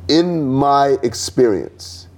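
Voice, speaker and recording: Animated man chatting about sports. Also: medium pitch, slow. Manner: animated, acts out quotes in mock voices. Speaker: podcast co-host. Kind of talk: casual sports chat.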